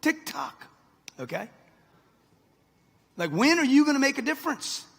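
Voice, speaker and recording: A man's voice: very high-pitched, sing-song, normal speed, creaky, fairly bright tone. A man in his sixties giving a live motivational speech to a crowd, brash and punchy, speaking straight at the audience. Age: 60s. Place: large hall with live audience. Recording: long hall reverb.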